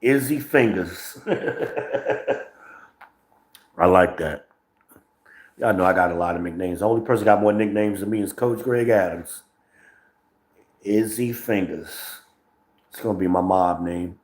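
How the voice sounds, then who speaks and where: Low-voiced man, profane rambling talk. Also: steady tone, brisk. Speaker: streamer host. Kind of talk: casual livestream monologue. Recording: roomy echo.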